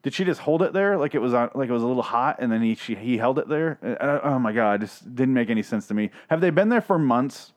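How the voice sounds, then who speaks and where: A man ranting through a TV episode recap, sarcastic and exasperated. His speech is heavy with swearing and loose asides. His voice sits at an ordinary middle pitch. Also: quick pace, few pauses. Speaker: podcast host reviewing a TV episode.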